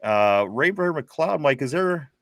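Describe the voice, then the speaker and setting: A man's voice: a little high, lively intonation, slow pace, no echo, studio quality. Chatty man reading comments. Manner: chatty, stumbling restarts. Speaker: podcast host. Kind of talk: casual sports talk, reading viewer comments.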